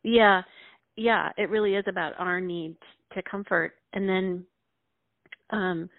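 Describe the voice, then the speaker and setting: A woman who teaches middle school, talking earnestly and reflectively as a guest, often pausing and restarting her sentences. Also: medium pitch, fairly even intonation, no echo. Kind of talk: casual conversation. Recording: dry, phone-like narrow sound.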